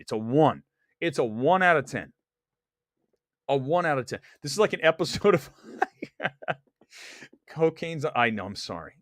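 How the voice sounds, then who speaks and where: A man's voice: fairly high pitch, dry recording, clean studio sound. A man hosting a live movie-talk stream, blunt and opinionated, rambling and restarting as he goes. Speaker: livestream host. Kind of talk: animated live-stream chat.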